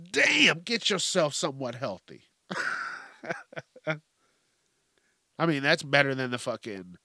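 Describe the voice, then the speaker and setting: A man hosting a solo podcast in a casual, profane, animated rant, acting out quotes and jumping between topics. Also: medium pitch, no echo, clean studio sound. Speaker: podcast host.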